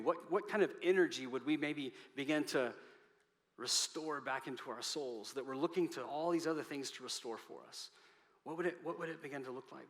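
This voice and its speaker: Man preaching in a reverberant hall. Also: fairly high pitch. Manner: earnest, builds in intensity and then drops soft. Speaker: pastor. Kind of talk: sermon. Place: church sanctuary.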